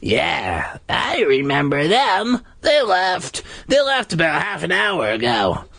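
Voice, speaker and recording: A man doing a flat, eerie costumed woman. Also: a little high, slow pace, gravelly, slightly rough, dry recording, pitched above the performer's own voice, exaggerated voice. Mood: offhand.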